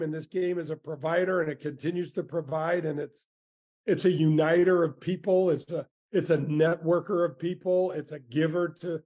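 A man in his sixties, a former pro golfer, telling stories in an interview, animated, with many restarts and asides. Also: on the high side, dull audio. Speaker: former tour golfer, guest. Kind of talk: storytelling interview answers.

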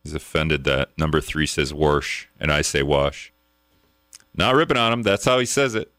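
A man's voice: rumbling low, sing-song, moderate pace, sharp tone, no room sound, studio quality. A man hosting a call-in radio talk show, reading news aloud in a wry, casual way.

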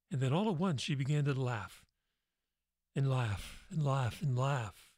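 A man who is a priest and hosts a radio talk show, telling a faith story in a gentle, measured way. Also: medium pitch, expressive, dry recording, clean studio sound.

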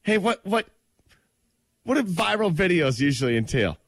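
A man co-hosting morning radio in a laid-back, easygoing way, his slightly high voice rising and falling a lot. He talks from a dry, close desk mic in his home office. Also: big pitch swings, moderate pace, no room sound. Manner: laid-back, laughs along. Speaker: radio morning show co-host. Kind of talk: casual morning radio banter.

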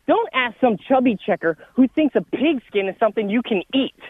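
Breathless high-voiced man calling in by phone. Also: slightly rough. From California. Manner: animated, argumentative, rapid points. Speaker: caller. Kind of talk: sports radio call-in. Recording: tinny phone line.

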